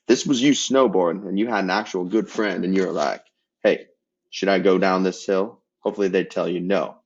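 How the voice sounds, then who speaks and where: A man giving a casual math lesson, explaining steps with relaxed joking asides. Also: deep voice, vocal fry, lo-fi sound. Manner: relaxed, joking asides while working problems. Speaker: math teacher.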